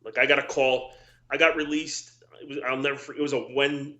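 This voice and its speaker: A middle-aged man with a very bright, forceful voice spins rambling stories, acting out the quotes of people he talks about. His voice rings in an echoey room. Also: medium pitch, level tone, fairly quick, lo-fi sound. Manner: rambling anecdotes with quoted dialogue, many restarts. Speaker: former wrestler, guest. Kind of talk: casual storytelling interview.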